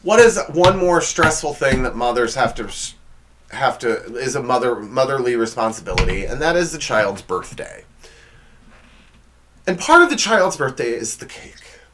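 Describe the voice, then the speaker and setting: A man's voice: medium pitch, very animated, normal speed, background noise. A man hosting a comedic monologue, sarcastic and exasperated, often stumbling over his words. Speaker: comedy show host.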